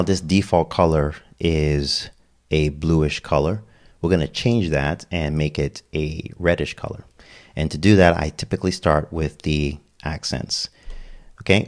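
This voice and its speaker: Male tutor, extremely deep voice, casual step-by-step software walkthrough. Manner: step-by-step, casual, frequent "okay?" check-ins. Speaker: web design tutor. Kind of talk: screen-recorded software tutorial.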